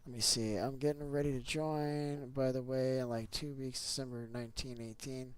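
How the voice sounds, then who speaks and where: A man's voice: medium pitch, normal speed, a little hiss or hum. A man streaming a building game, chatting casually with viewers and friends and often repeating himself. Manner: relaxed, talks to chat and friends, repeats himself. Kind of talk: casual livestream chat.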